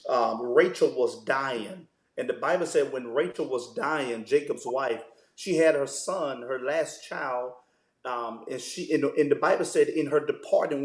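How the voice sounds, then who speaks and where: A man, a pastor, talking about fatherhood in a relaxed interview, telling stories and using "man" as a filler. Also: a little high, roomy sound. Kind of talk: conversational interview.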